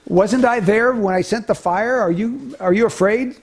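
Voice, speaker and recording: A man voicing God as a gently chiding male presence questioning a frightened prophet during a sermon. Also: sits high, normal speed, voice pushed up.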